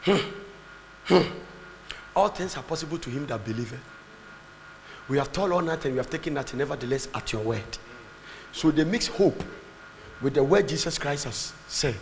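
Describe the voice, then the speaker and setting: A man preaching a fervent sermon, swinging between shouts and low asides. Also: expressive, normal speed, pauses often. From Ghana. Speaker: pastor. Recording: long hall reverb, faint background noise.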